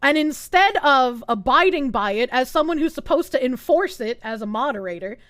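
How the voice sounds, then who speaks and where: A woman's voice: high-pitched, lively intonation, normal speed, fairly bright tone, no room sound, clean studio sound. A woman streamer ranting live in heated, sarcastic, profane commentary. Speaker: Twitch streamer.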